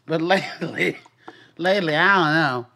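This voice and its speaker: A man's voice: on the high side, moderate pace, gravelly, pushed and bright, slight background noise. A man chatting as a guest, blunt and profane in casual banter. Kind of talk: casual chat.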